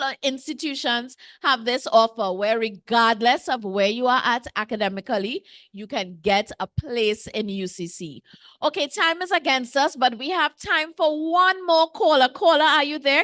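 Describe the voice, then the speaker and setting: A woman's voice: sits high, moderate pace, fairly bright tone, dry recording, studio quality. A woman hosting a live call-in show, chatty and teasing the callers as she takes their questions. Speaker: show host.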